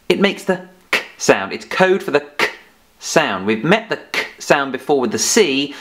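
Patient teacher chiding a puppet. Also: male voice, a little high. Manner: gently scolding, patient, playful. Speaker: phonics teacher. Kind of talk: children's phonics lesson.

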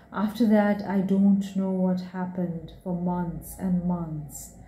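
A woman doing a battered young man in a read-aloud story who speaks softly and ruefully. The voice is slow and mellow. It carries a roomy echo. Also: high-pitched. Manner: quiet, subdued, rueful. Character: scarred young man, weary and quietly rueful. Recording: echoey room.

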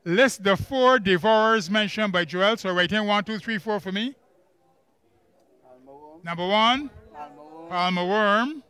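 A man with a Barbadian accent leading a church camp Bible workbook lesson, quizzing the class with quick questions and emphatic repeats. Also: high-pitched, pushed and bright, clear, resonant tone. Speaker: Bible study teacher.

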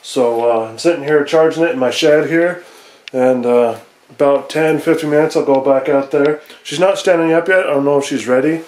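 A man's voice: on the high side, normal speed, a little mellow, echoey room. A young man vlogging from his phone in a small shed at night, talking casually with lots of fillers and rambling. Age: young adult. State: out of breath. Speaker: vlogger farmer. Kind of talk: casual vlog narration. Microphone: phone camera.

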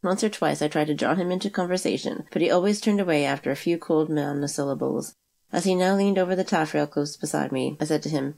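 A woman narrating a classic adventure novel aloud in a steady, even reading. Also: deep voice, quick pace, creaky. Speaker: audiobook narrator.

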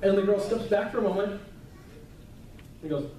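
Male pastor, chatty sermon delivery, warm low-bright tone, roomy distant church sound. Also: normal speed, a little hiss or hum. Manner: conversational, chatty preaching with asides. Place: church sanctuary. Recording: echoey church hall, mic at a distance.

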